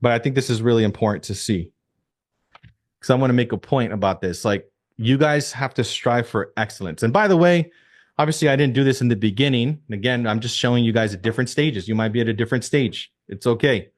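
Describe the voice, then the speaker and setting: Brisk and mid-range in pitch, a man heading a real estate team runs an energetic coaching talk on a video call, restating his key ideas and throwing rhetorical questions at the people listening.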